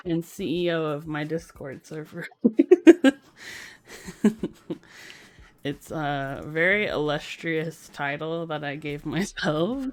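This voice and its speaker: A woman's voice: low voice, a little mellow. A woman chatting casually on a live stream from home, giggling often between remarks.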